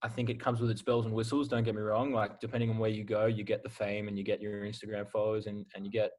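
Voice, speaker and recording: A young Australian college football player in his twenties chats as a guest on a casual podcast, relaxed and candid. He speaks quickly in a lowish voice and fills his talk with lots of "like."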